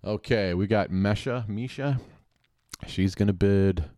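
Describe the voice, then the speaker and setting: A man hosting a podcast, giving sarcastic, mocking play-by-play of a TV game show with quick asides. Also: fairly low pitch, warm tone, no room sound, studio quality. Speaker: podcast host.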